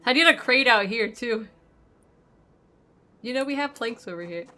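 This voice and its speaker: A woman's voice: on the high side, animated, normal speed, bright, forceful tone, soft background music. A woman streamer giving casual gameplay commentary, thinking aloud and trailing off with fillers while her voice is starting to go. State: losing her voice.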